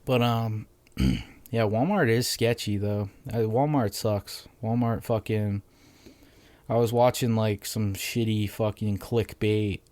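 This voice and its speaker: A man's voice: on the low side, fairly even intonation, slow pace, a little mellow, dry recording. A young man with a Massachusetts accent hosting a casual solo podcast, ranting bluntly with lots of swearing. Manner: profane, rambling, blunt. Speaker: podcast host.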